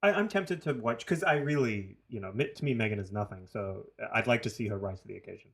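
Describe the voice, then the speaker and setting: A man's voice: lowish voice, animated, fast talker, vocal fry, fairly bright tone. Wry man podcast co-host. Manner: wry, dry asides. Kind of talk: casual chat about reality TV.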